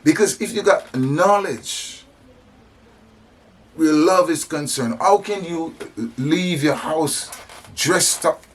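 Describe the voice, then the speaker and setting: With a fairly high, breathy voice, a man speaks slowly and leaves long pauses. He is of African descent and addresses religion and society in an impassioned sermon on compassion, marked by emphatic repetitions and restarts.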